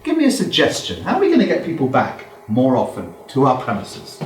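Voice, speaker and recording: A man giving a lively, joking business talk to a live audience and acting out customer exchanges. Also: mid-range voice, brisk, faint music behind. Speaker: business speaker. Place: hall with a small audience. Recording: echoey room, from far off.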